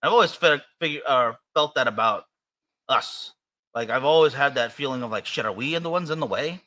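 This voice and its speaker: In casual podcast talk, this American co-host speaks in a mid-range voice with a sharp tone at a fairly quick clip. He wanders as he goes, hesitating, restarting, and filling gaps with fillers.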